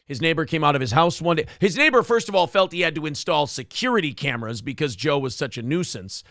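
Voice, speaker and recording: A man's voice: on the high side, animated, fast, a bit bright, no echo, studio quality. A man hosting a casual podcast, telling stories animatedly and slipping into funny voices for the people in them. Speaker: podcast host.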